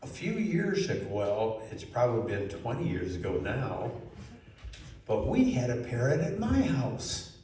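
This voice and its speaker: A man telling a children's story in a lively way, asking the listeners questions. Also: mid-range voice, a little slow. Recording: very echoey room, mic far off, faint noise.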